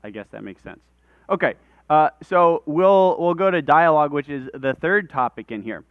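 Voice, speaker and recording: A man teaches a room full of people in a relaxed, conversational way. His voice is smooth and clear, with a dry, slightly dull lo-fi recording sound. He explains things step by step and talks with his hands. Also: on the high side, normal speed, dry recording. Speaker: workshop presenter. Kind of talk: live workshop lecture. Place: conference room with audience.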